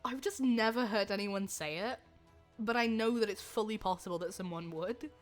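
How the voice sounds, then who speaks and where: A woman's voice: medium pitch, moderate pace. A young woman streamer in casual chat, giggly and full of "like" fillers. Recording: faint music in background.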